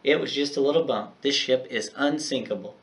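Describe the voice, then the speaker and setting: A man voicing an eager, curious young girl while reading a children's chapter book aloud, in a lightly raised, gentle storybook voice. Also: medium pitch, fairly quick, distant mic, natural voice. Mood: hopeful.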